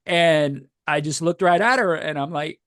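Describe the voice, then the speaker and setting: A man's voice: on the high side, a little slow, a bit bright, no room sound, studio quality. A middle-aged man co-hosting a podcast, telling a rambling story in casual chat and getting emotional as he goes. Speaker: podcast co-host.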